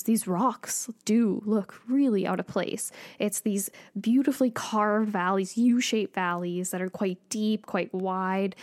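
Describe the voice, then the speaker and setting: A woman co-hosting a podcast who explains things in a lively, teacherly way during casual chat. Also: medium pitch. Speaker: podcast co-host.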